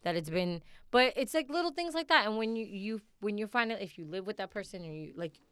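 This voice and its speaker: A woman co-hosting a podcast, chatting casually and telling animated stories with plenty of swearing. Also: medium pitch, fairly quick, clear, resonant tone, no echo. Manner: animated storytelling, swears freely. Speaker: podcast co-host. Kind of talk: casual chat.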